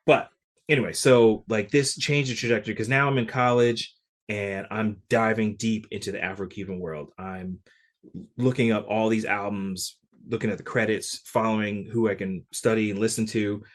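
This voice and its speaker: A man's voice: fairly low pitch, moderate pace. A man, a guest musician, telling a story in an interview and acting out the voices of the people in it. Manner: animated, acts out quoted dialogue.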